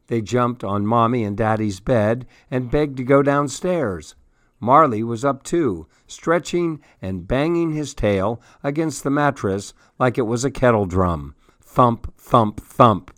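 A man reading a children's story aloud in an unhurried, expressive way. His voice sits mid-range and sounds close and dry. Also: fairly low pitch, dry recording. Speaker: radio story-hour host.

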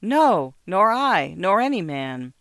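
Reader doing a male antique dealer, dry and biting, curt, smooth clear voice, dry close sound. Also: mid-range voice, expressive, moderate pace, a bit bright, dry recording. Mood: scoffing. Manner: brusque, impatient, mocking chuckles.

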